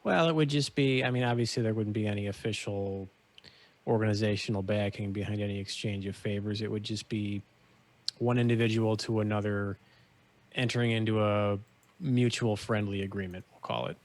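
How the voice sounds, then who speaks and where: A man playing a tabletop game in character, talking diplomatically with hesitant pauses. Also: fairly low pitch, fairly even intonation. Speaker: player. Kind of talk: in-character role-play.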